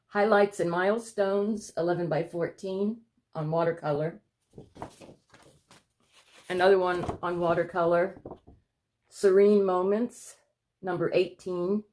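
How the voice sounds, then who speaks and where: A woman's voice: on the low side, a little mellow, a little hiss or hum. A woman vlogging from home, out of breath, rambling and apologetic as she chats to her viewers. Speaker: vlogger showing her paintings. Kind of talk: casual chat to camera.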